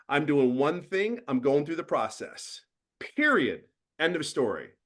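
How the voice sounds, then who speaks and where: A middle-aged man mentors a group in a blunt, preachy motivational talk. His pitch leaps sharply when he hammers a point home. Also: fairly bright tone. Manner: blunt, preachy, rises to emphatic bursts. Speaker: guest host and mentor.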